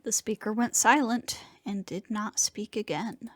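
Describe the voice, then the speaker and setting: A woman's voice: medium pitch, a little slow, dry recording. A woman narrating game text aloud, laughing now and then with friends. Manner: giggles between lines.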